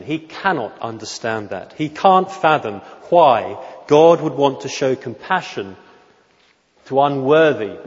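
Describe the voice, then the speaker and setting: A man preaching an expository sermon in church, measured and emphatic, often asking rhetorical questions. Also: medium pitch. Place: church during a worship service. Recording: dull lo-fi recording with long hall reverb.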